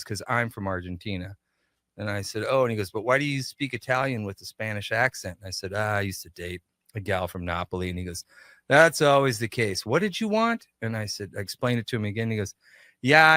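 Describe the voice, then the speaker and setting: A man with a bright, forward voice tells a long story as a radio guest, slipping into the voices of the people he quotes. The sound is dry and close, with no room around him. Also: fairly low pitch, no room sound. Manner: animated, acts out quoted dialogue. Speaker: shop owner, guest. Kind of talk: casual storytelling interview.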